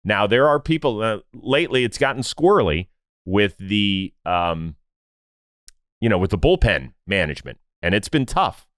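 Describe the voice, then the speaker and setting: A man guesting on a podcast, talking casually and acting out what others said in lowered voices. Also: normal speed, no room sound, studio quality. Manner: animated storyteller, acts out quotes in lowered voices. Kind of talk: casual conversation.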